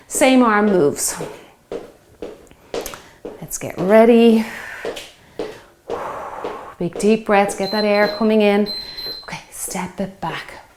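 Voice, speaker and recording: Slightly winded as she works out alongside her viewers, this woman in her 50s guides a home exercise session with upbeat coaching as a fitness instructor. She speaks at medium pitch against a noisy background.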